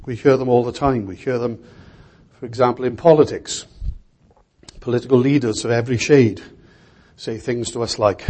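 Earnest older preacher, mellow husky voice. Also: male voice, medium pitch, expressive, moderate pace, pauses often. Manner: earnest, emphatic, repeats key words. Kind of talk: sermon.

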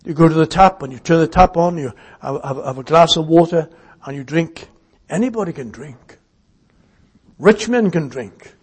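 A man preaching a sermon earnestly, dropping to a hush and then rising to emphatic declarations. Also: fairly high pitch, expressive, normal speed, slightly rough. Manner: earnest, swings between hushed and emphatic.

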